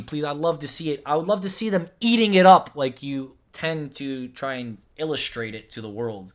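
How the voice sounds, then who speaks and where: A man reacts to a video, arguing back in an exasperated and sarcastic way. His voice sits slightly high for a man. He pushes his points hard and keeps circling back to them. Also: lively intonation, normal speed, hardly any pauses. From United States. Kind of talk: heated reaction commentary.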